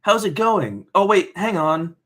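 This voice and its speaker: A man voicing a giggly, distracted teenage girl friend on the phone, in a raised, bright voice. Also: on the low side, sing-song, measured pace, voice pushed up, exaggerated voice. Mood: bubbly.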